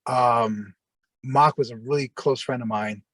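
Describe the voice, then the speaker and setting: A man telling long personal stories in a rambling, halting way, full of restarts. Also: medium pitch, dry recording. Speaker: interview guest. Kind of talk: casual storytelling.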